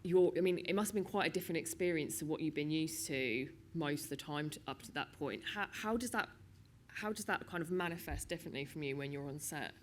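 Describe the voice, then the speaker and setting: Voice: mid-range voice, quick pace, a little hiss or hum. An interviewer on stage who asks long questions, restarting them as they go.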